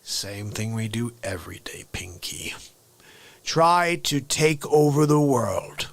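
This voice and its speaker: A man voicing a scheming male cartoon mouse genius in a deep, pompous, theatrical voice. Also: very animated, slow, vocal fry, no room sound, exaggerated voice.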